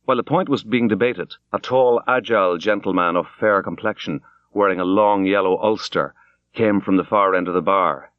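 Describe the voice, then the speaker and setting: A man with a low voice narrates literary fiction in a measured, grave and unhurried way. The recording sounds dull and close, with a very dry booth and no room sound. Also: no echo. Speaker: audiobook reader.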